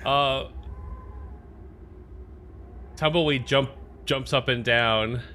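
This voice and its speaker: A man's voice: medium pitch, measured pace, pushed and bright, a little hiss or hum. A man narrating as game master in a loose, casual way with many fillers.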